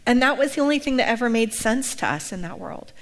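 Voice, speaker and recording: Casting: middle-aged woman pastor, fairly high voice, animated storyteller, personal testimony. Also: fast, big-room sound. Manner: lively storytelling, acting out quoted voices.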